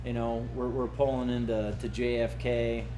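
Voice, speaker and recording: A man's voice: mid-range voice, level tone, normal speed, noisy background. A man from Arizona telling a rambling, profane story at a birthday gathering, laughing often and restarting his sentences. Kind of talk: casual storytelling.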